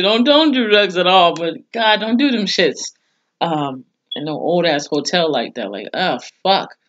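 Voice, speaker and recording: A woman's voice: on the low side, a bit bright, highs cut off. Casual swearing woman recapping. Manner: chatty and blunt, swears freely, reacts with mock disgust. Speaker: TV episode reviewer.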